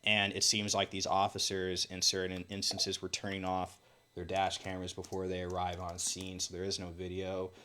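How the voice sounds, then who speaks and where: Low-voiced man from Milwaukee telling a story. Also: completely flat delivery, moderate pace, pushed and bright, a little hiss or hum. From Milwaukee, Wisconsin. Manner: storytelling, earnest, frequent fillers and restarts. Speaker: guest. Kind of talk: casual interview talk.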